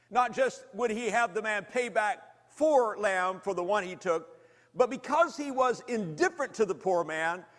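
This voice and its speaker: A man preaching a sermon, telling a story dramatically, rising to loud intensity and dropping to hushed, slow lows. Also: big-room sound.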